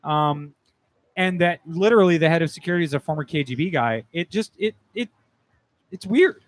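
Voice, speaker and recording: A man's voice: on the high side, expressive, fairly quick. Rambling, chatty podcast host, a man. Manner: rambling storyteller, many restarts and "like". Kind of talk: casual chat.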